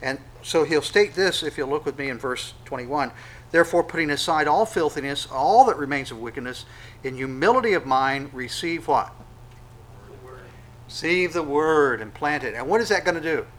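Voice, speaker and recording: A man preaching a sermon, conversational, with sudden loud acted-out quotes. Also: a little high, animated, moderate pace, rough recording. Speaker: pastor.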